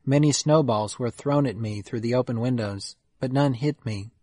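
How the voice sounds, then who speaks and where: Male audiobook narrator, steady and measured reading, mid-pitched voice, dry close sound. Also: dry recording. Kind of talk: audiobook narration of an old memoir.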